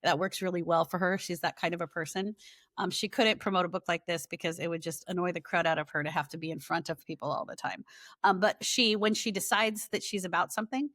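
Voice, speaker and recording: A middle-aged woman, a guest author, telling lively stories in a casual podcast chat. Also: on the low side, fast talker, no room sound, studio quality. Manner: lively storyteller, animated quoting.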